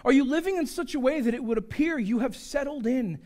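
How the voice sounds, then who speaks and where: A male pastor delivering a joking, animated sermon, swinging from shouts to hushed asides. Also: extremely high pitch, a little fast. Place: church sanctuary.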